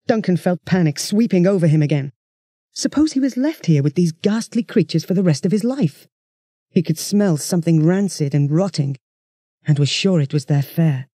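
A storyteller, reading a children's science-fiction story in steady, expressive narration. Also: mid-range voice, normal speed, no echo, clean studio sound. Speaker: audiobook reader.

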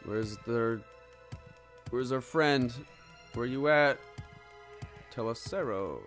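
A man's voice: mid-range voice, slow, fairly bright tone, faint music behind. A man hosting a let's play, giving reactive gameplay commentary and exclaiming at what happens in the game.

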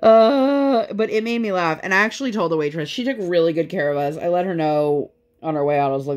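A young woman with a lowish voice tells stories in a loose, chatty way. She talks casually while she works on a craft project, with plenty of fillers. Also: fairly quick, few pauses. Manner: chatty storytelling with many fillers. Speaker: crafting vlogger.

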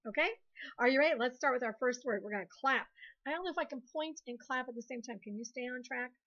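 A woman's voice: high voice, fast talker, a bit bright, highs cut off. A woman teacher giving a recorded lesson to young children in a cheerful, encouraging way, spelling words out letter by letter. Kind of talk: recorded online classroom lesson.

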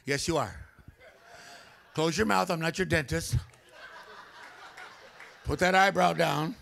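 A man preaching a humorous storytelling sermon in a church, animated and comic, acting out voices. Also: fairly high pitch, slow, gravelly, pauses often. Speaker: guest preacher. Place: church sanctuary.

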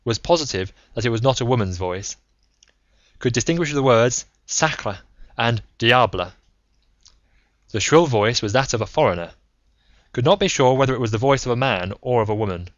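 Male audiobook narrator, measured reading, dry close sound, slightly dull lo-fi audio. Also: mid-range voice, lively intonation, no room sound. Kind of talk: scripted narration. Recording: slightly muffled lo-fi recording.

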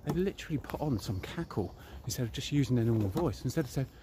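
A British man in his thirties talks casually and bluntly to a handheld camera, walking through a park. His voice is mid-pitched and slangy. Faint outdoor noise sits behind him. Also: lively intonation, quick pace. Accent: British English. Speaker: fitness vlogger.

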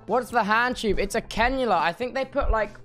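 A man's voice: very high voice, fairly quick, bright, forceful tone, faint music behind. Groggy young man rambling after surgery. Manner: rambling, slangy, many restarts. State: groggy after surgery, speech slightly impaired. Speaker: streamer. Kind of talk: casual chat reading viewer messages.

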